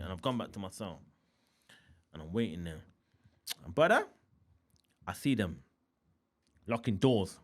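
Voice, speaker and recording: Speaking at normal speed in a lowish voice with long pauses, a Birmingham man with the local accent recounts a story as an interview guest. He's animated and slangy, performing the scenes as he goes.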